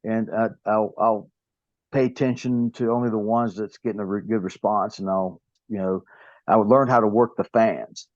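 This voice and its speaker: Speaking at a moderate pace, this Southern man in his fifties keeps a fairly low, slightly mellow voice with fairly even intonation. A pro wrestler guesting on a casual interview, he drifts through stories and keeps starting over. No room sound comes through, and the audio is dry and dull lo-fi.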